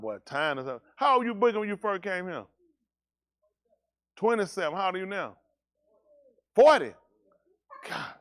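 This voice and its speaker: High-voiced man teasing his congregation. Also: a bit bright. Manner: joking, teasing, folksy. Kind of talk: casual banter with congregation on livestream.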